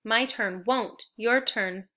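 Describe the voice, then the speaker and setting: A woman with a bright, crisp voice teaches spelling to young children. She is upbeat and encouraging and walks the class through each step clearly. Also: on the high side, slow pace.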